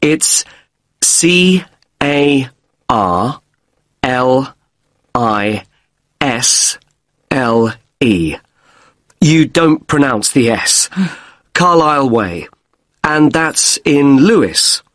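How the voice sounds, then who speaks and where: A man playing a polite hotel guest in a scripted exam dialogue, spelling out letters slowly and deliberately. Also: mid-range voice, animated, a bit bright, no room sound. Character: polite British man with broken wrist checking in.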